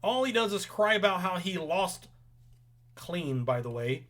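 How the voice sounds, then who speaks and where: A man's voice: high voice, big pitch swings, measured pace, fairly bright tone. A young man hosting a casual wrestling recap, opinionated and rambling with frequent ums. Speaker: podcast host.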